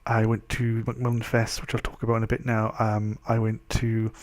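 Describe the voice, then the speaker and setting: A man's voice: lowish voice, monotone, normal speed. Stuffy-nosed Welsh man vlogging. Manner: rambling, loose and chatty. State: stuffy nose from a cold. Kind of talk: casual chat.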